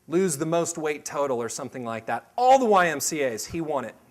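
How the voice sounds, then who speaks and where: A man in his thirties leading a staff meeting, telling a personal story in a loose, animated way and acting out other people's voices. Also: a little high, brisk. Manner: loose and rambling, many fillers and restarts. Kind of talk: storytelling talk to a team meeting.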